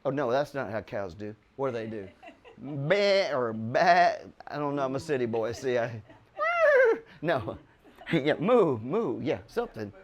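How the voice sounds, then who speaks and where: An older American man teaching the Bible in an excitable, chuckling way, with sudden loud bursts for emphasis. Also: medium pitch, moderate pace.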